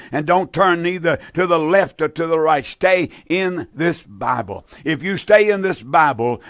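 A man's voice: on the high side, a bit bright, no echo. A man in his eighties hosting a call-in radio program, preaching earnestly with many restarts and repeated words. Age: 80s.

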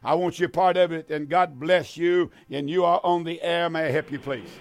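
A man's voice: fairly high pitch, fairly even intonation, normal speed, slight background noise. An older man, hosting a religious radio call-in show as pastor, emphatic and repetitive. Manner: warm, emphatic, repetitive preacher's talk.

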